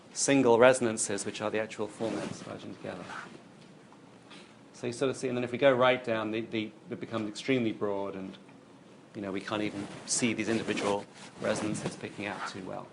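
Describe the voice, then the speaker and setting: Male lecturer with a gravelly, fry-heavy voice, thinking aloud through a demo; faint background noise. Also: medium pitch. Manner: explains while demonstrating on screen, thinking aloud. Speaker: university lecturer. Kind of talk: recorded university lecture.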